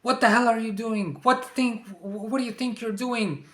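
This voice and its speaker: A man putting on a high yelling bully boss. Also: steady tone, moderate pace. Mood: furious. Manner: yelling, accusing questions. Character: shouting male boss, angry and bullying. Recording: echoey room.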